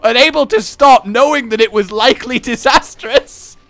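A man's voice: very high-pitched, normal speed, a bit bright, a little hiss or hum. A man hosting a casual gaming session, teasing his co-player, laughing often and rambling in asides. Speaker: host and lead player.

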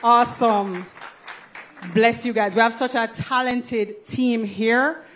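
Lively Jamaican woman emceeing a service. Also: fairly high pitch, slow pace, some chatter behind, a little hiss or hum. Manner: playful, coaxing, laughs often. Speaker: co-host of a church service.

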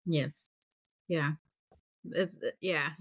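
A woman's voice: sits low, extremely slow, a bit bright, husky, no echo, clean studio sound. A woman hosting a podcast in casual conversation, agreeing and laughing often. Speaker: podcast host. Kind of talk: casual chat.

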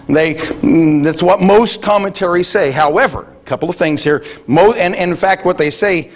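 A man's voice: sits high, moderate pace. A man preaching a sermon in a conversational way, thinking aloud with frequent restarts and quoting scripture. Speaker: pastor.

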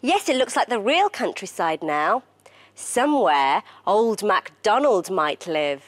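A woman presenter reading a children's story aloud in an expressive, animated way. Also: medium pitch, slow pace.

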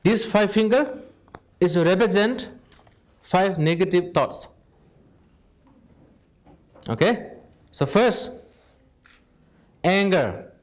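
Lively man teaching with constant "right?". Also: high voice, slow pace, pauses often. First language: Tibetan. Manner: animated, asks "right?" constantly, non-native phrasing. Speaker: Buddhist teacher. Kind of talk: informal dharma talk.

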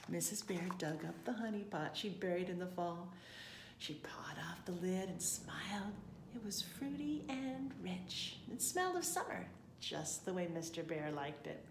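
A woman reading a children's storybook aloud in a gentle, expressive way. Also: medium pitch, roomy sound, background noise.

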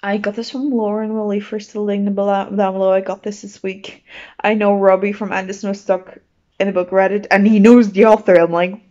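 A woman chatting casually in her reading vlog, bubbly and excitable, rambling with restarts and little laughs. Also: mid-range voice, normal speed, muffled recording. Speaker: book vlogger.

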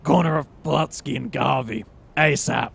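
A man voicing a gruff male vampire with a gravelly, clipped delivery like a hard-boiled detective. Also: medium pitch, steady tone, moderate pace, fairly bright tone, heavily acted. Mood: grim. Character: gruff noir-style male vampire leaving a terse note.

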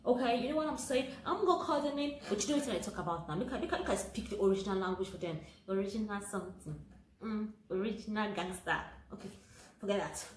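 Fast-talking Nigerian woman telling a comic story. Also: mid-range voice. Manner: animated, acts out voices in her story. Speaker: comedy vlogger. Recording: echoey room with faint noise.

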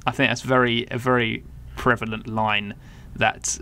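A man with a British accent, co-hosting a casual film review podcast, playful and quick to giggle. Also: mid-range voice, level tone, bright, forceful tone, clear, resonant tone. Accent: British English. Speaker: podcast co-host.

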